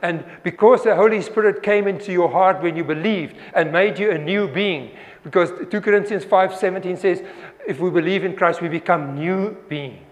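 High-voiced man preaching in a hall. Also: normal speed. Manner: earnest, repeats and restarts, acts out quoted voices. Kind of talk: sermon.

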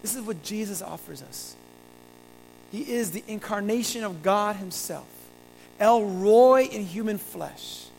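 An earnest pastor delivers a sermon at a middle pitch. The preaching returns to key phrases again and again, climbing toward emphatic high points. A faint hum sits quietly behind the voice. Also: a little slow, creaky, rough recording. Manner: earnest, repeating phrases and building to emphatic peaks.

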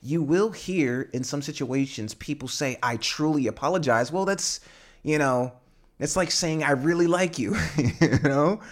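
A man's voice: on the high side, unhurried. A man hosting a podcast for English learners, explaining language in a rambling way with many fillers and tag questions. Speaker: podcast host and English teacher. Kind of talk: casual teaching monologue.

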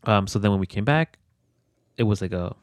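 A man's voice: fairly low pitch, lively intonation, brisk, no echo, clean studio sound. A young man telling a personal story in an interview. He rambles, leans on fillers and swears freely. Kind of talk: candid conversational storytelling.

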